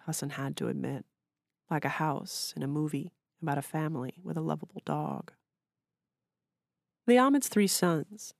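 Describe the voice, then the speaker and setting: A woman author reading her literary short story aloud in a measured, even way. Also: low-pitched, creaky, no echo, studio quality. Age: adult.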